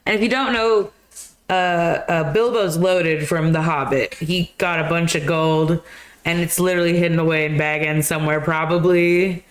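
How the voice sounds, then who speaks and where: A woman co-hosting a casual live-stream chat, retelling scenes as an animated storyteller who swears casually. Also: on the low side, normal speed. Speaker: co-host.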